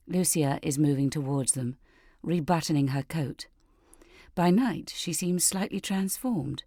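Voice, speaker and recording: A woman reads a novel aloud with a low, slow, deliberate delivery, her pitch rising and falling expressively. The recording is close and very dry. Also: dark tone, no room sound. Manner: measured, deliberate. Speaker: audiobook narrator. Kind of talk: scripted narration.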